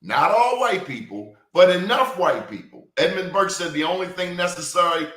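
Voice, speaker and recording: Male interview host, emphatic and deliberate, recorded with noticeable room echo. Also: sits high, animated, a bit bright. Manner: emphatic, deliberate, repeats words for stress. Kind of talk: hard-hitting interview. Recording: roomy echo.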